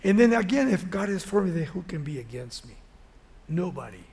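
Gravelly high-voiced male preacher. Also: fairly quick. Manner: animated, conversational retelling of a Bible story. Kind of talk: sermon.

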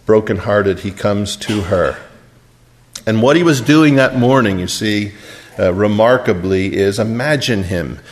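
A man preaching a sermon and retelling a scripture story, dropping to a hush and then rising to emphatic peaks. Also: on the low side, a little slow. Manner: storytelling, wide swings from hushed to emphatic.

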